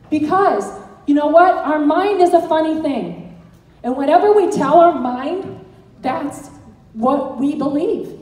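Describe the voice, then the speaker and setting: High-voiced woman speaking in an echoey hall. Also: darkish tone, distant mic. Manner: earnest, encouraging storyteller. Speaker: direct sales team director. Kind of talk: motivational talk to an audience.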